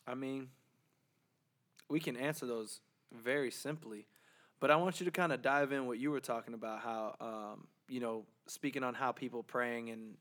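A man's voice: medium pitch, fairly bright tone. Joking, slangy young-sounding man. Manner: loose and joking, slangy, repeats himself. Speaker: podcast co-host. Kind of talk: casual chat.

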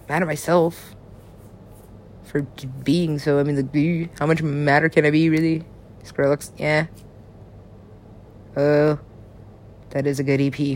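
A woman talking in rambling casual chat, laughing often, swearing freely and swinging her pitch up and down. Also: a little mellow, a little hiss or hum. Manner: rambling, frequent laughter, profane asides, big swings in pitch.

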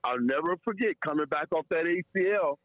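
Guy getting choked up telling an old story, kinda high voice, stutters and repeats, dry muffled sound. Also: lively intonation, brisk, no echo. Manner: emotional, repeats words, laughs often. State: tearing up. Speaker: guest storyteller. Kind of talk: casual chat.

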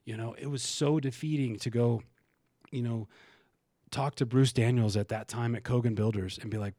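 A man's voice: medium pitch, fairly even intonation, moderate pace, dark tone, no room sound. A man talking as a podcast guest, frank and emotional, swearing and restarting his sentences as he tells a personal story. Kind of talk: candid conversational storytelling.

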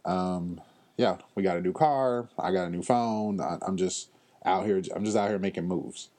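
Low-voiced man, casual blunt storyteller. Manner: animated storyteller, slangy and blunt; frequent fillers and pauses. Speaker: podcast host. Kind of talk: casual chat.

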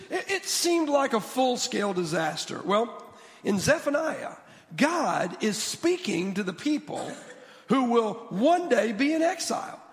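A man preaching a sermon as a guest speaker in a church, animated and quick to restart his sentences. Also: sits high, in a large hall. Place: church sanctuary.

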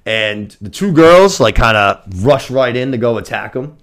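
A man co-hosting a podcast, recapping a TV episode in a casual, animated and profane way. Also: medium pitch, normal speed. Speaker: podcast co-host.

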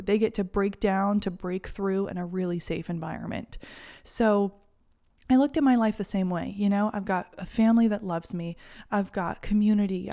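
A woman talks through a solo self-help podcast episode in a warm, mellow voice. Her delivery is earnest and encouraging as she speaks directly to listeners. Her pitch sits in an ordinary middle range. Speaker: podcast host and confidence mentor. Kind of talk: reflective solo podcast talk.

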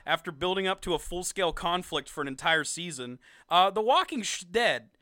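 A young man co-hosting a podcast, reviewing a ranked list of TV seasons in a sarcastic, animated way with frequent laughs. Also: high voice, fairly quick, no echo, studio quality. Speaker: podcast co-host. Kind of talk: casual ranking review chat.

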